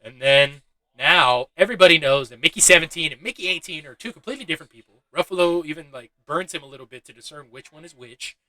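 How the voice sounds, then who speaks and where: A man's voice: a little high, lively intonation, fast, few pauses, pushed and bright, no echo, low-quality recording. A young man giving a loose, chatty movie review, swearing freely and laughing at his own asides. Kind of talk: casual spoken film review.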